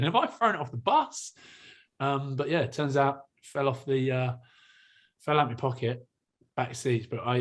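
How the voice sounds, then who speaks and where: Chatty laughing rugby player co-host. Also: male voice, mid-range voice. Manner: chatty, laughs often, swears casually. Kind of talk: casual chat.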